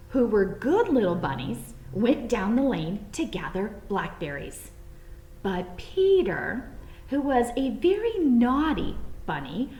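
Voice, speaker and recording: Expressive woman reading a storybook. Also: medium pitch, slight background noise. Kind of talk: reading a children's storybook aloud. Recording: roomy echo, faint background.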